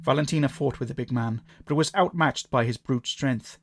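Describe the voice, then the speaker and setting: A man narrating a scripted horror story in a measured, dramatic way. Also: mid-range voice, dry recording.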